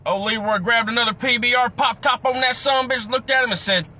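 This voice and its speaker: A man's voice: very high-pitched, steady tone, bright, forceful tone, lo-fi sound, slight background noise. A man telling a long, crude joke in a casual storytelling way. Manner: profane, drawn-out storytelling. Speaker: joke teller.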